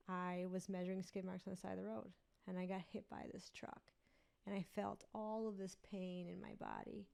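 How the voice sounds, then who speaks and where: A woman's voice: medium pitch, gravelly, warm tone. A woman guest on a podcast, earnestly telling a personal story in a rambling way with many fillers.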